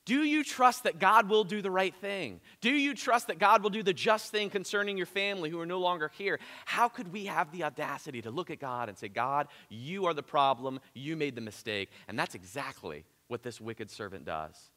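A man preaching a sermon as pastor, emphatic, swinging between loud urgent peaks and quiet earnest lows. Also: lively intonation, brisk, hardly any pauses. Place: church sanctuary. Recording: church hall with long reverb.

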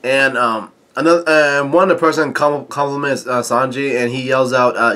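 Halting, bright-voiced man recapping a comic. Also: mid-range voice. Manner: halting, stop-start delivery with frequent filler sounds; reads quoted lines in a mostly flat voice. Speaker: manga chapter reviewer. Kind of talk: casual recap and commentary.

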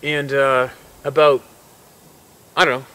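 A man working as a hunting guide, telling a story in an animated way, swearing often and repeating himself. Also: mid-range voice, takes it slowly, clear, resonant tone. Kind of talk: excited outdoor storytelling.

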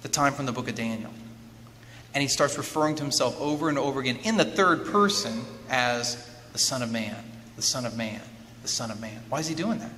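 A man giving a lively lecture, often turning to his listeners with quick questions to check that they follow. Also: medium pitch. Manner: keeps checking in with listeners through rhetorical questions. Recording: long hall reverb with faint background noise.

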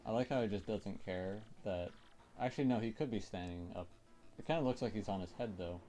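A man's voice: on the low side, a little fast, warm tone, faint music behind. A man giving casual, chatty commentary while playing a video game. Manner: chatty, laughing asides. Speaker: let's play host.

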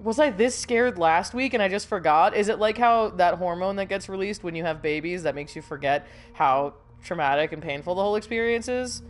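A young woman with a fairly low voice streams a horror game against a noisy background, talking a little fast with few pauses. Her commentary is jumpy and nervous, full of swearing and laughter through the fear, and she sounds a bit sniffly from a recent cold.

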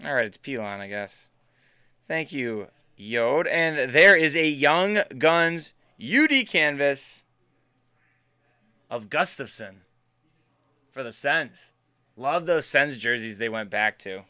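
A man's voice: mid-range voice, animated, slow pace, long pauses, bright, forceful tone, clear, resonant tone, dry recording. A man hosting a live card break stream, chatting casually and bantering with viewers as he opens packs. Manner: chatty, upbeat, banters with chat.

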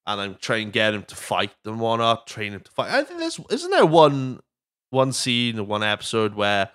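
A young man chats casually as a podcast host, rambling from one joke to the next and swearing freely. His voice sits somewhat low and sounds smooth and resonant. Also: huge pitch swings, moderate pace, fairly bright tone, dry recording, studio quality.

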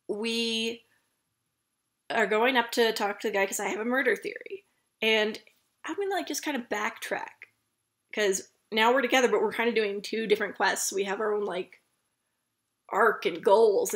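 A woman's voice: a little high, unhurried, pauses often, a bit bright. A young woman vlogger telling a casual, chatty story about a park visit, full of fillers and asides.

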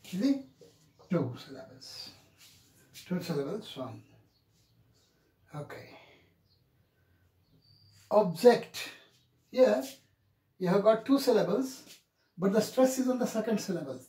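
A man teaching an English pronunciation lesson in a deliberate way, repeating each example word several times. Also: high voice, big pitch swings, warm tone. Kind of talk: classroom lecture on pronunciation. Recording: echoey room.

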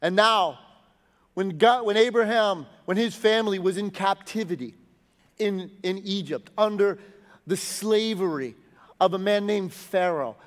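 High-voiced man preaching in a hall. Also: measured pace. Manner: preaching with big swings, dropping low and soft at phrase ends, rising to shouts. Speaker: pastor. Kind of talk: sermon.

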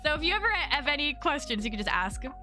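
A young woman streaming a game live, chatting casually with her viewers, bubbly and quick to thank them. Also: high voice, very animated, music in the background. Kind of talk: casual live-stream chat while gaming.

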